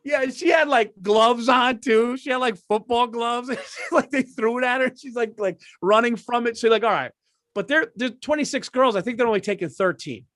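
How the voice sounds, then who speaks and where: A middle-aged man from the United States, co-hosting a podcast and telling a story in an animated, profane way. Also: extremely high pitch, normal speed, no echo. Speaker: podcast co-host. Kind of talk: casual comedic storytelling. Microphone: studio microphone.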